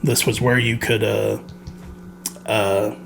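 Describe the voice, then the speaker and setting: A man's voice: fairly low pitch, level tone, slow, creaky, slight background noise. Laughing man chatting about a game. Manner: laughs often, rambling with many fillers. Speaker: podcast co-host. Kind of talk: casual game review chat.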